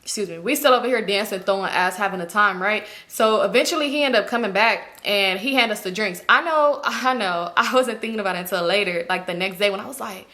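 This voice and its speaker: A young woman tells a story in relaxed slang, lively and quick to act out the people in it. Her voice sits at a middle pitch and sounds bright and forward. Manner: slangy, animated, acts out quoted people. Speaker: storytime vlogger. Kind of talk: casual storytelling.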